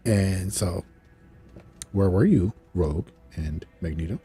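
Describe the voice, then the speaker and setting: A show reviewer recaps a cartoon episode over soft background music, his low voice creaky and husky, his pace measured. He rambles casually and tells it with animation, acting out character lines and chuckling at asides.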